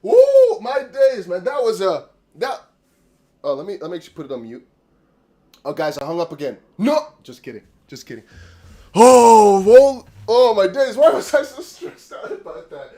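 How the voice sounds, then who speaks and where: Man, live-stream host, excitable, rambling, breathless, high lively voice. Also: fairly quick, breathy edge. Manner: excitable, shouting and laughing with relief; rambling, self-mocking. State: out of breath, sweating. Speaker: crypto livestream host.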